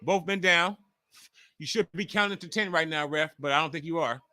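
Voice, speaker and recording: Excitable man in his forties, bright voice. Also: on the high side, quick pace, dry recording. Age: 40s. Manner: profane, ranting, excitable reactions. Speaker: live stream host. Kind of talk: casual wrestling watch-along commentary.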